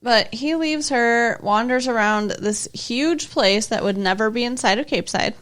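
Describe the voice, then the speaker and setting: A woman's voice: a little high, moderate pace, fairly bright tone, clean tone. A woman co-hosting a podcast, recapping a TV plot in casual chat, wry and blunt, laughing often. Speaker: podcast co-host.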